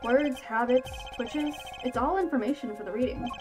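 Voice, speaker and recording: A woman reading the lines of a calm, mysterious man, a former lawyer who now plays poker, in a laid-back, teasing way. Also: sits high, moderate pace, natural voice. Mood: cryptic. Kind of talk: reading game dialogue aloud. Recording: game music playing behind.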